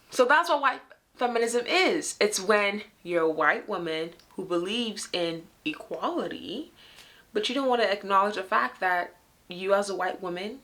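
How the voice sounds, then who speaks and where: Bright-voiced emphatic woman host. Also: mid-range voice. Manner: emphatic, fed-up, addresses viewers directly with rhetorical questions. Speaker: host of her own video series. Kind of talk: direct-to-camera commentary.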